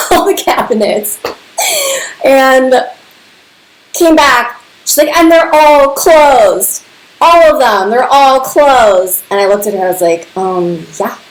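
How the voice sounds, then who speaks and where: A woman casually telling personal stories, chatty and laughing often, filling her talk with "like". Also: mid-range voice. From Serbian family. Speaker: podcast host. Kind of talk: casual storytelling. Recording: echoey room.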